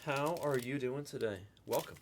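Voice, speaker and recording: A man hosting a live card break stream, chatting loosely with viewers in the chat and pitching spots. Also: moderate pace, slight background noise. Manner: rambling, chatty, talks to the chat by name.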